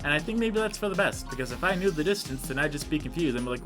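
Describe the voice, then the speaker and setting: A man's voice: fairly high pitch, fairly quick, music in the background. A young man giving casual, rambling, self-deprecating commentary while playing a video game. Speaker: let's play host.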